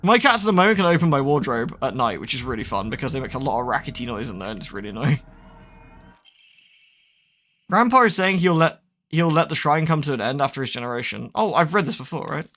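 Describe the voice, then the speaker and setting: A man's voice: medium pitch, big pitch swings, fast talker, a bit bright. A man giving casual, rambling commentary while gaming, often cooing baby-talk to his cat. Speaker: gaming streamer. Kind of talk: casual let's-play commentary.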